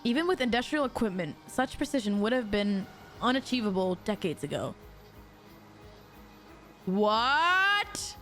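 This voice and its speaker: A woman streaming a mystery game, reading the dialogue aloud and breaking off into excitable, jokey asides to her chat. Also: medium pitch, fairly quick, soft background music. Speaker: VTuber streamer.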